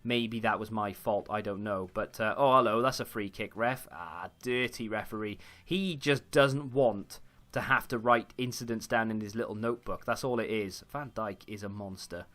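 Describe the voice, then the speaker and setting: A man's voice: lowish voice, normal speed, sharp tone. A young man chatting casually while commentating his own football video game, rambling with frequent fillers and restarts. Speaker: gaming YouTuber.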